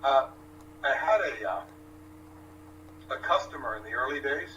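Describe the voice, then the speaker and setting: A man co-hosting a livestream, telling a story in a halting, hesitant way. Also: mid-range voice, animated, pushed and bright, muffled recording. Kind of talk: casual storytelling. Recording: distant mic with noise and hum.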